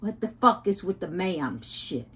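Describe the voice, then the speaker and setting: A woman's voice: lowish voice, very animated, unhurried. A woman ranting on a livestream, profane and indignant, with frequent fillers and restarts.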